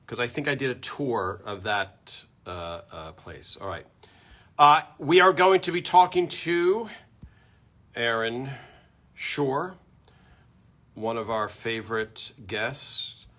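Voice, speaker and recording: A chatty man hosts a live stream from home, loudly greeting viewers by name. His voice is bright and forceful at a middle pitch. It comes through a plain built-in computer mic. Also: very animated, takes it slowly, long pauses. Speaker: host of a live fan show.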